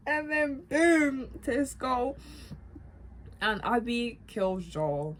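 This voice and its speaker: Taking it slowly in a slightly high voice, a woman vlogger casually recaps a video game story with lots of emotion and laughter, calling viewers guys and bro. There's slight background noise.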